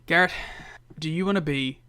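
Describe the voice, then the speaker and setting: A man's voice: on the high side, normal speed, bright, forceful tone, clear, resonant tone. A young adult man co-hosting a podcast, chatting casually and playfully about wrestling and joking with his co-host. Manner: playful, jokey, laughs often. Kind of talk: casual chat recapping wrestling shows.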